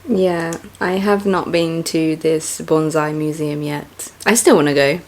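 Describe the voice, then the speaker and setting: A woman's voice: sits low, steady tone, unhurried, soft background music. A young woman vlogger chatting casually and musing to herself as she reacts. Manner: chatty, musing, self-reflective.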